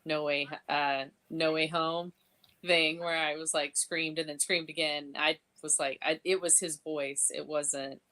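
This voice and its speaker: Female co-host, lowish bright voice, easygoing, quick to chime in. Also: flat delivery. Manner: agreeable, chiming in with quick backchannels. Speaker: podcast co-host. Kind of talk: casual chat.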